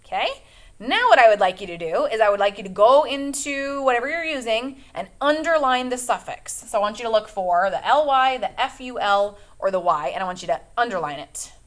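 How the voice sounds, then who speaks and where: A woman teacher giving a phonics lesson, with clear, patient instructions and frequent check-ins. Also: on the high side, lively intonation, a little fast, a bit bright. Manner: clear, patient classroom instructions with lots of okays.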